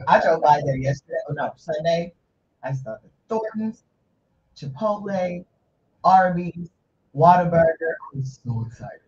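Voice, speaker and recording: A man co-hosting a morning radio show, chatting eagerly and getting excited. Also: a little high, unhurried. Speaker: radio co-host. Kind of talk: casual morning radio banter. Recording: slightly muffled studio mic with faint background hiss.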